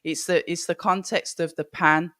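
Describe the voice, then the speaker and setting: A woman's voice: fairly low pitch, fairly even intonation, moderate pace, fairly bright tone, dry recording, clean studio sound. A woman chiming in on a casual boxing chat.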